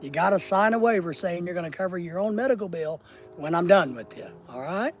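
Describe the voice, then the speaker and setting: A man's voice: sits high, lively intonation, brisk, faint music behind, rough recording. A man hosting a casual live stream outdoors at night, reading viewer comments aloud and teasing them in a blunt, profane, joking way.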